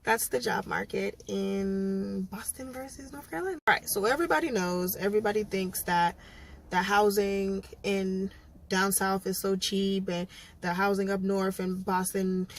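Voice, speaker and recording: A woman's voice: medium pitch, fairly even intonation, normal speed, a little hiss or hum. Chatty young woman vlogging, frank. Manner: frank and chatty, lots of ums and likes. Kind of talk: casual vlog chat.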